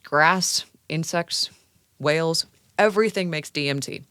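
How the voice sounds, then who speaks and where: A woman from Canada, a science writer guesting on a podcast, talking in an animated, enthusiastic storytelling way. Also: low voice, measured pace, clean tone. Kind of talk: casual podcast conversation.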